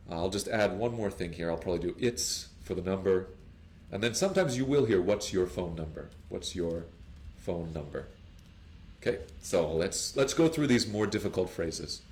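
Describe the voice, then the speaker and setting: A man teaching English, explaining phone phrases and acting out example calls in playful higher voices. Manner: animated, acts out phone dialogues with higher put-on voices. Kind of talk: lively classroom explanation with acted example dialogues.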